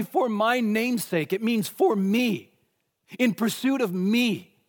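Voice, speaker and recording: A man delivers a sermon in a fairly high voice. He is earnest and deliberate, slowing down and stretching key phrases to press them home. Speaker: preacher.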